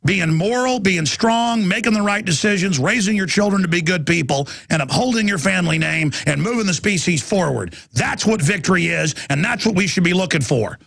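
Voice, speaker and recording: A man hosting a talk radio show, ranting forcefully in a heated monologue and acting out encounters with other people. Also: sits high, lively intonation, a little fast, creaky, few pauses, no echo. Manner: ranting, forceful, acts out encounters in put-on voices.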